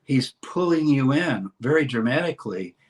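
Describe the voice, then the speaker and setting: A man speaking as a guest scholar in an interview, explaining a text with lively emphasis and reading passages aloud. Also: mid-range voice, moderate pace. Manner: animated, reads scripture aloud with dramatic emphasis. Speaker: scholar and course teacher, guest.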